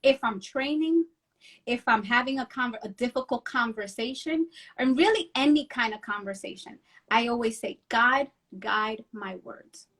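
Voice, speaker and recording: A middle-aged woman from New Jersey, a guest telling animated stories in a casual interview and mixing in Spanish phrases. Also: fairly high pitch, moderate pace. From Union City, New Jersey.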